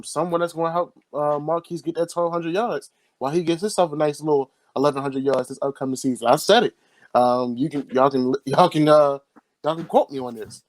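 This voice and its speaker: Man, sports co-host, slightly high voice, dry close sound, confident and repetitive. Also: dry recording, low-quality recording. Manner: emphatic and confident, repeats phrases, slangy. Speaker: podcast co-host. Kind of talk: casual sports podcast chat.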